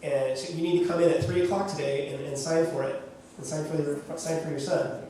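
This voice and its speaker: A man sharing the story of adopting his son to an audience, animated and laughing as he acts out what people said. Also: on the high side, fairly quick. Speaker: adoptive father sharing testimony. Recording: echoey room from far off with noise.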